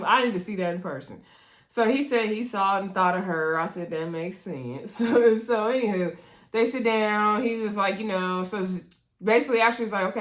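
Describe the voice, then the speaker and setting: A woman with an African American English accent casually recaps a reality dating show in a medium-pitched, slightly bright voice. She chats straight to viewers, acting out quotes in different voices and adding asides as she retells scenes.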